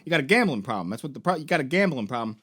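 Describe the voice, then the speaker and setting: A man's voice: mid-range voice, big pitch swings, racing, a bit bright, slightly rough. A man, a video game store founder, retelling a game's story in a rambling, profane, joking way.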